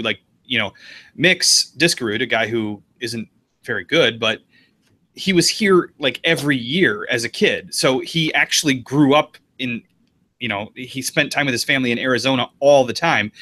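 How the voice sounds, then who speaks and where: A man's voice: mid-range voice, pushed and bright. A man from the United States co-hosting a casual sports chat, rambling loosely with lots of fillers. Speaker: podcast co-host.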